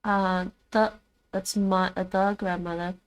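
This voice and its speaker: A woman's voice: mid-range voice, little pitch movement, measured pace, clear, resonant tone. A woman whose first language is Dutch, chatting casually on a livestream as she practices words aloud and thinks through them. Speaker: streamer learning languages.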